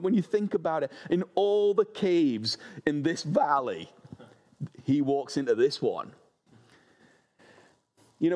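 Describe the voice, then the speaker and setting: A man preaching a sermon, reading scripture and telling lively, humorous stories. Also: a little high. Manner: animated, humorous storytelling.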